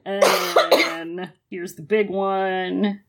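A woman's voice: on the low side, little pitch movement, very slow, fairly bright tone. A woman co-hosting a podcast, chatting casually with lots of fillers and laughter. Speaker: podcast co-host. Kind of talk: casual chat.

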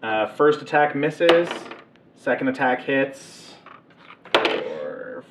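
A man's voice: medium pitch, very animated, drawn-out words, heavy background noise. A man narrating as game master of a tabletop game, in a loose, rambling way full of fillers. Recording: distant, echoey, muffled mic.

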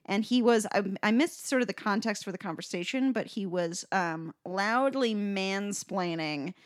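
Brief: young woman co-host, chatty storyteller, loose filler-laden delivery, mid-pitched. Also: normal speed. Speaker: podcast co-host. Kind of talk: casual chat.

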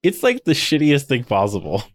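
A man co-hosting a podcast, recapping a TV episode in casual chat. He rambles with many "like" fillers and retells the scenes in an animated way. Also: medium pitch, moderate pace, dry recording. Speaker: podcast co-host.

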